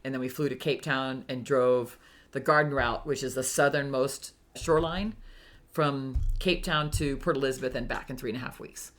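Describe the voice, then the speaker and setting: A woman's voice: a bass voice, moderate pace. An older woman, a retired firefighter, telling travel stories in a casual interview and acting out the voices of people she met. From Hawaii, United States. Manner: animated, acts out quoted voices. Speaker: interview guest. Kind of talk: casual storytelling.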